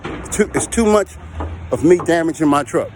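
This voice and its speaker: In this casual vlog, a man who runs heavy equipment and does recovery work talks straight to the camera, saying things more than once and checking in with his audience. He speaks at a normal speed in a slightly high, expressive voice over a noisy background.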